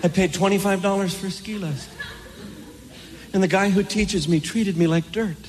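A man performing a stand-up comedy routine, breaking into shouted high-pitched voices for his punchlines. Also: fairly even intonation, moderate pace. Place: comedy venue with live audience. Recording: live crowd noise and hiss. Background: audience laughter.

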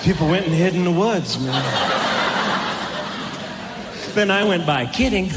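A man performing a stand-up comedy routine, breaking into shouted high-pitched voices for his punchlines. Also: animated, brisk. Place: comedy venue with live audience. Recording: live crowd noise and hiss. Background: audience laughter.

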